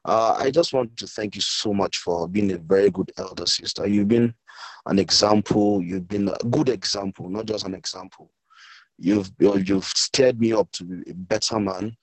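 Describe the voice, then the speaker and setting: A man with a lowish voice speaks haltingly on a phone in a video call, circling back over his words as emotion catches up with him. The sound is close and dry, with no room around it. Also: no room sound, poor audio. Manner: halting, emotional, repeats himself. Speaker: guest speaker, author's brother. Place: village, weak network.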